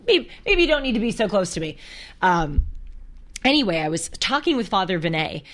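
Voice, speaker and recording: A woman's voice: mid-range voice, big pitch swings, fairly quick, a bit bright. A young woman hosting a casual faith talk on camera, telling stories earnestly with small restarts. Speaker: host. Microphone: camera close to her.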